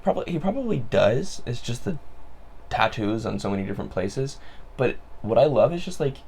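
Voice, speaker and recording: A man co-hosting a podcast, chatting casually in an animated way and swearing freely. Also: mid-range voice, a little fast, vocal fry, slightly rough. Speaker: podcast co-host. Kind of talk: casual chat.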